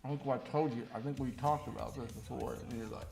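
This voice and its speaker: A man in his fifties telling a rambling personal story casually, full of restarts and fillers, raising his pitch when he quotes others. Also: steady tone, quick pace, vocal fry, hardly any pauses, a little mellow. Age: 50s. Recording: echoey room, faint music behind.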